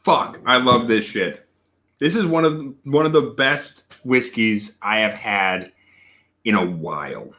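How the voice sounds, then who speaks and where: A man hosting a casual livestream whiskey tasting. He is excitable and profane, bursts into amazed exclamations, and answers viewer chat. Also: medium pitch, takes it slowly. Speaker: whiskey reviewer and host.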